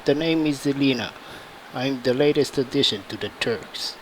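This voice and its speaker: A man's voice: mid-range voice, normal speed, a little hiss or hum, close to an everyday voice, rough recording. A man voicing a young woman agent who is a snippy, defiant newcomer.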